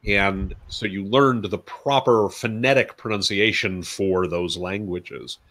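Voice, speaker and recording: A man's voice: lowish voice, slow, fairly bright tone. A man co-hosting a casual talk show, talkative and easygoing, telling stories and laughing easily. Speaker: co-host. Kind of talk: casual chat.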